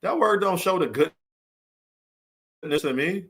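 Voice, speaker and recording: Earnest preachy man, fairly high voice. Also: a little slow, a bit bright. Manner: earnest and preachy, rambling with many restarts and repeated phrases; emphatic rhetorical questions, swinging between raised and subdued delivery. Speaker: vlogger giving a motivational talk. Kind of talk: unscripted heartfelt monologue to camera.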